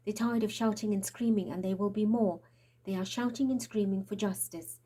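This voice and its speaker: Woman, tarot reader, breathy husky voice, mellow tone, urgent prophetic delivery, trembling. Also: mid-range voice, steady tone, normal speed. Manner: urgent, prophetic, dips into whispers. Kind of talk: spiritual tarot reading monologue.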